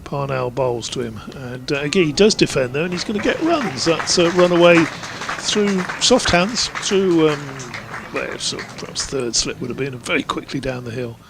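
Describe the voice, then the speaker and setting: A man's voice: a little high, moderate pace, creaky, few pauses, noisy background. A man giving live ball-by-ball cricket commentary in a chatty, rambling way, drifting into anecdotes between deliveries.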